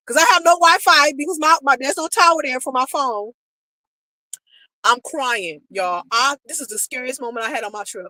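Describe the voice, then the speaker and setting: Bright-voiced American woman telling a story. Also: high voice, brisk, no echo, low-quality recording. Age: adult, married. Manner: emotional, animated retelling, quotes people, talks to viewers directly. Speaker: vlogger telling a travel story. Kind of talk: casual storytelling to viewers.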